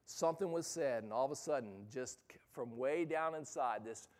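A man's voice: mid-range voice, moderate pace, a little mellow. A middle-aged man telling a personal story in a sermon to youth ministry leaders, earnest, often restarting words and building to emphatic urgency.

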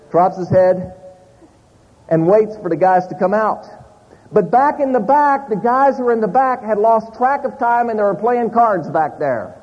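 High husky preacher guy spinning a funny story to the congregation, sounds a bit muffled and echoey. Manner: animated storyteller, addressing a live congregation. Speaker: pastor. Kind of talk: sermon storytelling. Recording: muffled audio in a large hall.

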